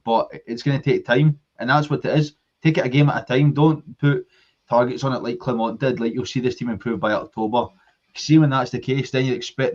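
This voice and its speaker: A man's voice: medium pitch, a little mellow, highs cut off. A man with a Scottish accent, co-hosting a casual football fan podcast, arguing his point passionately in long runs. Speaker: podcast co-host.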